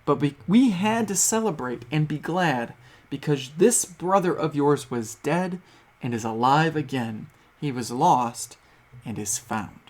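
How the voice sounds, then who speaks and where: A man's voice: a little high, lively intonation, unhurried. A man reading aloud the lines of a forgiving, joyful old father in an earnest, read-aloud way.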